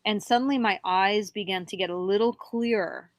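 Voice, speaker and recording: Woman telling an eerie story, halting. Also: mid-range voice, dry recording. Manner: halting, animated when quoting herself. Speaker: podcast guest. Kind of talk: telling a personal paranormal story.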